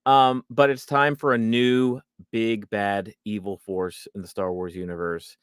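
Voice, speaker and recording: Low-voiced guy hosting a podcast, emphatic, dry close sound. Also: a little slow, smooth, dry recording. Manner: lively and emphatic, addresses listeners. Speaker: podcast host. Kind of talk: casual fan discussion.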